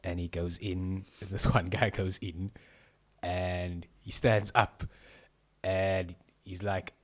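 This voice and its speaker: A man's voice: sits low, flat delivery, takes it slowly. A man co-hosting a podcast, telling stories animatedly between laughs. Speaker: podcast co-host. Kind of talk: casual chat.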